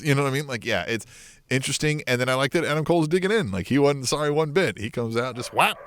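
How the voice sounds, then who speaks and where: A man co-hosting a casual wrestling review podcast, relaxed and hesitant with ums, now and then bursting into excited quotes. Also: medium pitch, fairly quick, no echo, clean studio sound. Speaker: podcast co-host.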